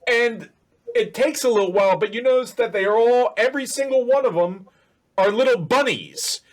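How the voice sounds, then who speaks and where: High-voiced man narrating as game master. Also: normal speed. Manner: rambling, self-correcting narration.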